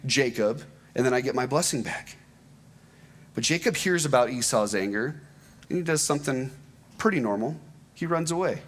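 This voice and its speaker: A man giving a sermon, retelling a scripture story in a conversational, animated way with asides to the congregation. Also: mid-range voice. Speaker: preacher.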